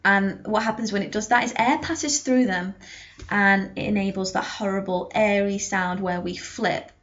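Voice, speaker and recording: A woman's voice: medium pitch, fairly even intonation, moderate pace, a bit bright, muffled recording. A young woman singing teacher giving a vocal lesson to camera, explaining technique with sung and spoken demonstrations.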